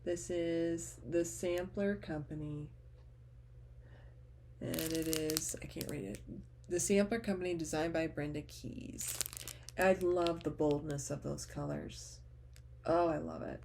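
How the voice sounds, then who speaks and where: A woman with a lowish voice chats casually at home, gushing over things and often dropping into soft, trailing murmurs. A faint hiss sits under her voice. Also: fairly even intonation, slow pace, creaky. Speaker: teacher and cross-stitch vlogger. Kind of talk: casual chat to camera.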